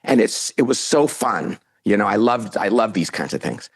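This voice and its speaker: A man's voice: lowish voice, big pitch swings, normal speed, creaky, breathy edge. A middle-aged man, a guest on a podcast, telling a story in a casual interview and acting out the lines he quotes. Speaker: podcast guest, author and CEO.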